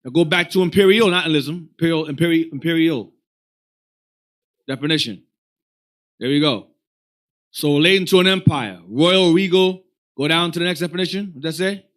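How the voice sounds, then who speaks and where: Teacher, man, high bright voice, animated and rambling, tells the reader what to read next. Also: normal speed, long pauses. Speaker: religious class teacher. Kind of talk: casual teaching talk.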